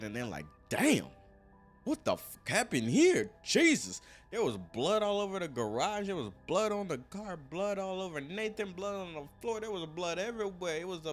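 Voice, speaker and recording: A young man recounts a crime case in loose, joking street slang, talking straight to his listeners. His voice sits a bit high for a man, with soft background music underneath. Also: brisk, hardly any pauses. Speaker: storyteller. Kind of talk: casual true-crime storytelling.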